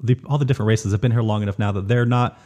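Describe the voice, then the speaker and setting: A man hosting a casual podcast chat in a lowish, mellow voice. He talks in a measured, thoughtful way and leans on "you know" between his points. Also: fairly even intonation. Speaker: podcast host.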